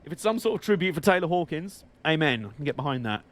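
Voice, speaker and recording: Male streamer, slightly high pitch, rambling and chatty, laughs a lot. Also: very animated, quick pace, slight background noise. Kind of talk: casual live-stream commentary.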